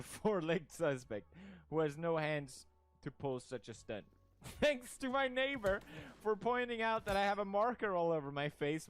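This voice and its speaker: A man's voice: fairly high pitch, smooth. A young man from Sweden, streaming casual commentary in a jokey, mock-outraged way and laughing often.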